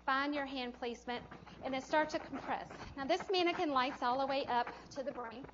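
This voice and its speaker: A woman's voice: sits high, fairly quick, dull audio, background noise. A woman teaching a hands-on CPR class in a training room, chatty and encouraging, often laughing as she talks. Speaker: CPR instructor.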